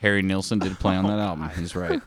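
A man's voice: low-pitched, fast, dry recording, studio quality. A man co-hosting a podcast, joking in casual banter and swearing a lot. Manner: profane, joking, animated. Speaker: podcast co-host.

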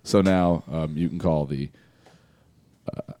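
A man's voice: very deep voice, steady tone, slow, warm tone, dry recording. A man co-hosting a podcast in casual chat, telling rambling stories and laughing often. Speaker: podcast co-host.

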